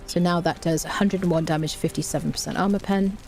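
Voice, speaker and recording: A woman's voice: lowish voice, steady tone, fast talker, vocal fry, darkish tone, faint music behind. A woman chatting casually on a live game stream, reading out chat and humming to herself.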